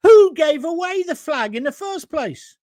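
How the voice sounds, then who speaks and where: A man's voice: very high voice, lively intonation, measured pace, dry recording. A middle-aged man hosting a live political commentary show, combative and emphatic, reading out viewer comments and pushing back. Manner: combative, emphatic, rising to near shouts.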